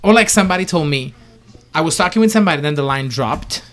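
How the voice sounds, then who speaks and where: A man with an Italian accent, co-hosting a casual podcast chat and telling animated stories with lots of laughter. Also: a little high, quick pace. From Italy. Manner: animated storyteller, acts out callers' voices, laughs often. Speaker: podcast co-host.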